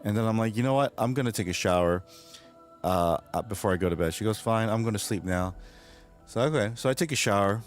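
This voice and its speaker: Low-voiced, laughing, rambling male streamer. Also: quick pace, soft background music. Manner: laughs often, rambling and profane. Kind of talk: casual livestream chat.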